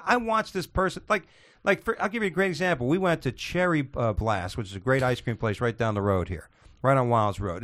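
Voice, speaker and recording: A man ranting in heated casual conversation, swearing often and restarting his sentences. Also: medium pitch. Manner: ranting, profane, many restarts.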